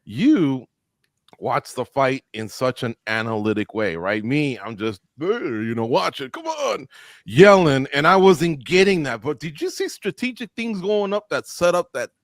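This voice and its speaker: A man hosting a casual roundtable talk show, jokey and animated, joking at his own expense. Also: mid-range voice, a little slow, dry recording, studio quality. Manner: jokey, animated, self-deprecating. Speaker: host.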